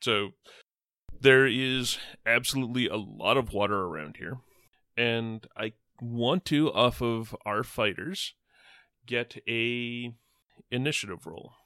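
A man running a tabletop game, narrating in an unhurried, measured way with plenty of fillers. His voice is bright and crisp, recorded dry and close. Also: medium pitch, no echo. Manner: measured, descriptive, with frequent fillers. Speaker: game master.

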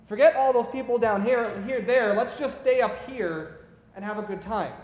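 A preacher doing an eager, impulsive disciple. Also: male voice, very high-pitched, moderate pace, echoey room, in a large hall. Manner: excited, pleading.

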